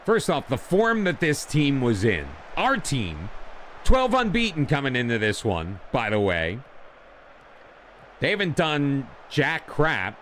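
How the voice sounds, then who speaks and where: A man's voice: mid-range voice, big pitch swings, slow, fairly bright tone, slight background noise. A man commenting casually on his own game as he plays, getting frustrated and talking back to it. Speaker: gaming channel host.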